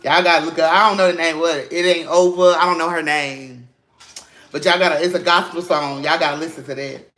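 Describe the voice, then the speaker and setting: A man's voice: on the high side, steady tone, brisk, sharp tone, a little hiss or hum. A man giving a casual spiritual tarot reading to his viewers. He is emphatic and preachy, curses freely and calls them "baby" and "y'all". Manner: emphatic, preachy and encouraging, with cursing slang. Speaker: tarot reader.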